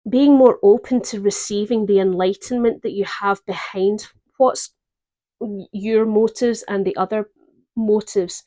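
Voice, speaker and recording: A woman giving a gentle, reflective tarot reading, pausing often to think. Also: medium pitch, steady tone. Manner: gentle, reflective, with pauses and fillers. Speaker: tarot reader.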